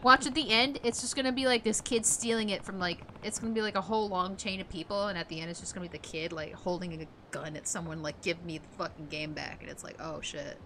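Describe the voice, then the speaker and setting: A woman's voice: mid-range voice, fast talker, hardly any pauses, a bit bright, a little hiss or hum. A woman giving casual, joking, swearing commentary while playing a video game. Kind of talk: casual let's-play commentary.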